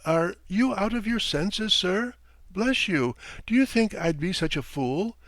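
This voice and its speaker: A man's voice: sits high, lively intonation, measured pace, fairly bright tone, no room sound, voice pushed up, full character voice. A man voicing a tearful, indignant female servant who protests plaintively against her master.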